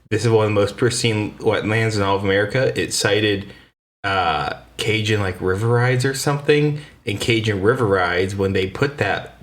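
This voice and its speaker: Easygoing, rambling man hosting a podcast. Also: fairly low pitch. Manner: rambling, easygoing, stumbles and restarts. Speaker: podcast host. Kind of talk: casual chat.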